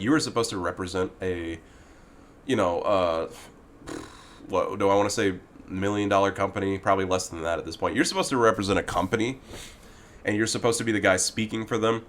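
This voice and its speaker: A man's voice: fairly low pitch, a bit bright, a little hiss or hum. A man ranting in a video about a game's forum moderator, heated and exasperated, swearing often and addressing the moderator directly. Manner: talks directly to the person he criticizes. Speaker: gaming commentator.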